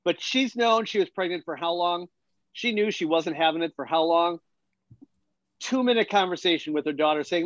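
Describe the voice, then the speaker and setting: A man's voice: high voice, normal speed, a bit bright, no room sound, lo-fi sound. A man co-hosting a podcast in casual chat, blunt and incredulous. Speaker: podcast co-host.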